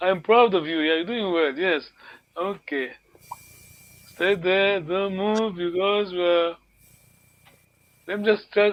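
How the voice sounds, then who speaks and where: Over a video call, a male language teacher gives an online lesson, patient and encouraging, frequently repeating words. His voice sits high, and the recording is rough.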